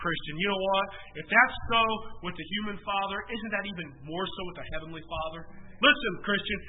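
Guy pastor preaching, pretty high voice, tinny phone-ish sound, big loud then quiet bits. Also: in a large hall, slight background noise. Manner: emphatic preaching with sudden loud swells and soft drops. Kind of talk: sermon.

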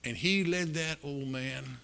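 An older man preaching a sermon, telling stories in a folksy, animated way with sudden loud bursts. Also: a little high, a little slow, vocal fry. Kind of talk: storytelling sermon.

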